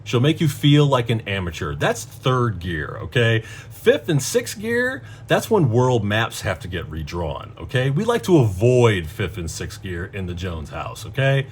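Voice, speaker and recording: A middle-aged man rants through a casual story with an animated voice that swings widely in pitch. He swears freely and sounds exasperated. A faint background hum sits under his voice. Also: normal speed, few pauses. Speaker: vlogger.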